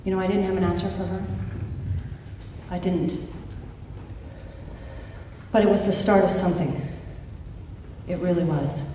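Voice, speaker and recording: A woman coach giving an inspirational conference talk, telling a candid personal story slowly, with wry humor. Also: on the low side, steady tone, warm tone, slight background noise. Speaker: life and recovery coach, conference speaker. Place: conference hall. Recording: echoey hall from far off.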